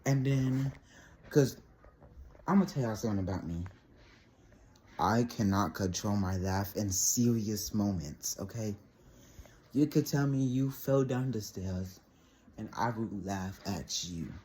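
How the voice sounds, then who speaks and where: A teenage boy rambling through a casual story, animated and laughing often. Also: fairly low pitch, unhurried, pauses often, a little hiss or hum. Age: teens. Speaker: vlogger.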